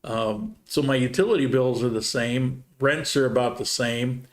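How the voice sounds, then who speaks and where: A man hosting a casual livestream Q&A, reading viewer comments and answering in a relaxed, rambling way. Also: medium pitch, moderate pace. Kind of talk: casual live Q&A chat.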